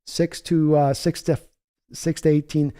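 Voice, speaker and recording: Mellow-voiced man hosting a football stream. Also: fairly high pitch, little pitch movement, clear, resonant tone. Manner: chatty and conversational, answering viewers by name; measured, thinking-aloud analysis with restarts. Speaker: live stream host. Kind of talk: casual live-stream football talk, reading chat aloud.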